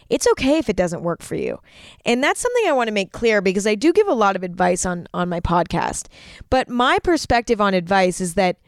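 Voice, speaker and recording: A young woman hosts her own advice podcast in a chatty, filler-heavy way, earnest but quick to poke fun at herself. Her voice is smooth and even, and the sound is close and dry. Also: mid-range voice, no room sound. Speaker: podcast host. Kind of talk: casual advice podcast monologue.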